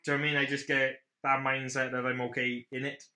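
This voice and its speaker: A man's voice: medium pitch, level tone, quick pace, sharp tone. A young man co-hosting a casual podcast from home, chatting in sweary, joking banter. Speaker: podcast co-host. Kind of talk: casual chat.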